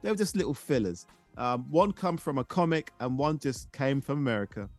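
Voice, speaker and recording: A man in his forties hosting a casual nostalgia podcast, animated and tripping over his words. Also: medium pitch, brisk, no room sound, soft background music. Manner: animated, stumbles and repeats words. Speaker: podcast host.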